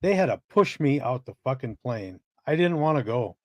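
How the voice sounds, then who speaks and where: A man's voice: medium pitch, sing-song, moderate pace, darkish tone, no echo. Laid-back swearing man on a stream. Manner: laid-back, swears freely, reads chat aloud. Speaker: co-host. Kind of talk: casual live-stream chat.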